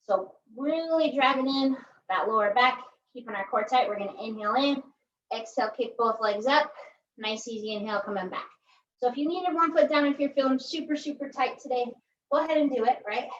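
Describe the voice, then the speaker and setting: A woman's voice: sits high, fairly quick, slight background noise. A woman instructing a pilates workout in a chatty, joking way, often tagging her cues with "right?". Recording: echoey room, distant mic, dull sound.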